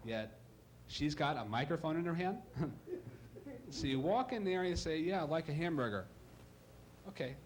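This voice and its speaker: A man from Ohio doing a stand-up comedy routine, animated and slipping into silly voices for his bits. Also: sits high. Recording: live club recording with audible crowd noise.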